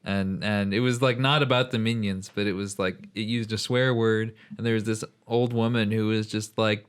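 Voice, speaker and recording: A man's voice: on the low side, steady tone, moderate pace, hardly any pauses, clean tone. A young man on a podcast, chatting casually and rambling with lots of fillers. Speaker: podcast co-host. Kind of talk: casual chat.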